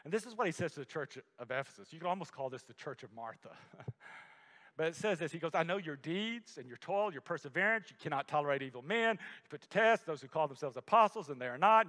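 High-voiced preacher in a reverberant hall. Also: male voice. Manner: dramatic swings from loud emphasis to hushed near-whisper; slows to stress key words. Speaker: pastor. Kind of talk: sermon.

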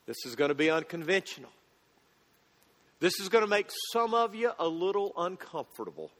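A man, a pastor, preaching an earnest sermon that swings between loud and hushed, often restarting his words. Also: high-pitched, very animated, normal speed. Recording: echoey hall with long reverb.

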